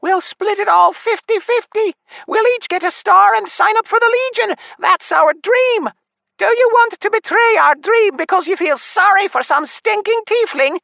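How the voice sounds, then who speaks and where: A shrill, squeaky little imp, greedy and excitable, squawking far above any normal voice. He wheedles and schemes in a storybook fantasy, the sound dry and close. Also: moderate pace, vocal fry, no echo, full character voice. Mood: scheming. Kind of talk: audiobook character voice.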